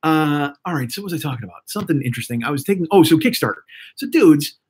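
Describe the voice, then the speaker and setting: A hoarse man in his fifties hosting a live stream, rambling and swearing excitably as he chats with viewers. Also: on the high side, fast talker, a little hiss or hum. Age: 50s. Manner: rambling, profane, excitable, talks to chat. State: hoarse throat. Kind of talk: casual live-stream chat.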